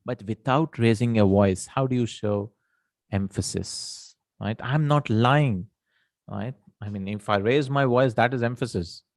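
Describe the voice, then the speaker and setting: A man teaching an Arabic grammar lesson, explaining slowly, repeating terms and checking with "right?". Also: on the low side, a little mellow, no room sound.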